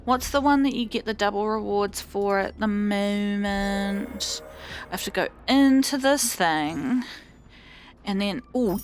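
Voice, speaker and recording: A woman casually chatting and rambling as she hosts a let's play video, with animated swings in her voice. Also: medium pitch, slow, soft background music. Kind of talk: casual gameplay commentary.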